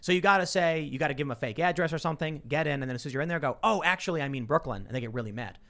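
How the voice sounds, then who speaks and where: Fast-talking animated male storyteller. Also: a little high. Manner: animated storyteller acting out quoted people. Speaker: podcast host. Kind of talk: casual chat, storytelling.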